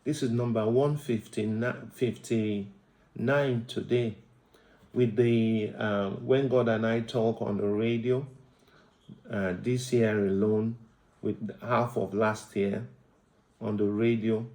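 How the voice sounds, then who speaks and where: A man's voice: lowish voice, steady tone, takes it slowly, dark tone, roomy sound, low-quality recording. A Nigerian man hosting a devotional podcast, preaching about road safety and rejoicing, mixing Pidgin into his English with emphatic rises. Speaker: podcast host.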